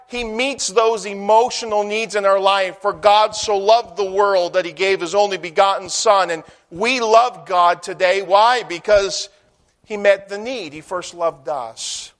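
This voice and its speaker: High-voiced man preaching with fervor. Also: unhurried. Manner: emphatic preaching with swells and drops in loudness, repeating phrases. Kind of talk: sermon.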